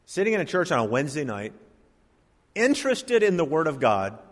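A male pastor delivers a sermon with dramatic pauses and pushes his phrases up in force. His pitch swings widely and stays animated from line to line. The sound rings out with a long reverb from the church sanctuary. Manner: preaching with swelling emphasis and dramatic pauses.

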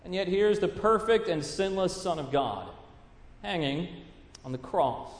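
Speaking at a measured pace, this thirtysomething pastor has a high-pitched, expressive voice. His sermon is earnest, punctuated by family stories told as asides, and it echoes with the reverb of a hall.

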